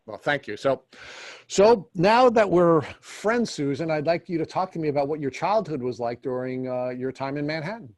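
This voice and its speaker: A man's voice: fairly high pitch, lively intonation, normal speed, a little mellow, no echo. A man co-hosting a podcast, asking his guest questions in a courteous, somewhat formal way. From Long Island, New York. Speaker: podcast co-host. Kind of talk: interview questions.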